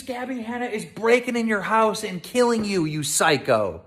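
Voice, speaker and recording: Man, angry rant, high voice, lively pitch, repeats himself, heated. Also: normal speed, hardly any pauses. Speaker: online show host in a clip. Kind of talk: angry ranting video.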